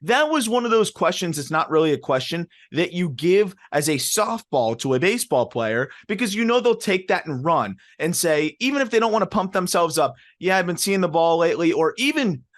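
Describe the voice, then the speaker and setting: Slightly high-voiced guy gushing about baseball on a podcast, lots of "like"s. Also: moderate pace, few pauses. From South Florida. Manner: excited, emphatic fan talk with many fillers. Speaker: podcast co-host. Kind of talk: casual sports podcast chat.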